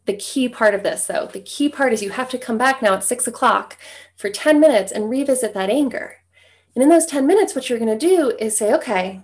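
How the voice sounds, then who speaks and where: A young adult woman working as a divorce coach, talking straight to her listeners in an easygoing way and checking in with "right?" as she goes. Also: fairly high pitch. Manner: conversational, tags points with "right?". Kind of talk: direct-to-camera coaching talk.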